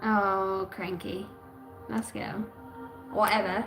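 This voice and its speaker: A woman's voice: medium pitch, fairly even intonation, moderate pace. A woman giving an intuitive card reading on a livestream. She talks loosely, swears freely and now and then breaks into chanted sounds. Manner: loose, profane, bursts into chanting. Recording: roomy room with music behind.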